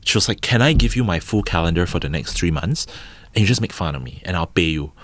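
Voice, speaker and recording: A low-pitched Singaporean man in his thirties, speaking in an English full of local color. He tells his story with a lively, swinging voice and acts out every quote. He keeps checking in with his listener with a quick "right?". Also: no echo. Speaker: podcast guest, entrepreneur. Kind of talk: casual storytelling interview.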